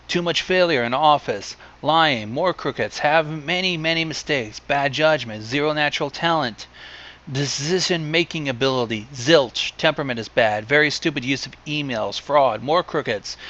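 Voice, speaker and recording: A man reading a long list aloud in a plain deadpan way, adding dry asides now and then. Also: a little high, dull audio. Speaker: reader.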